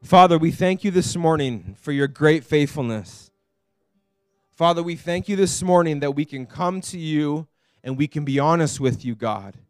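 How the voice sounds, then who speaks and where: A man preaches in church with a high, impassioned voice that climbs when he reads out scripture. The sound is close and dry. A faint instrument plays underneath. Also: animated, moderate pace, smooth, dry recording, soft background music. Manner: impassioned, rising high and loud when quoting the psalm. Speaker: pastor. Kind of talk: sermon.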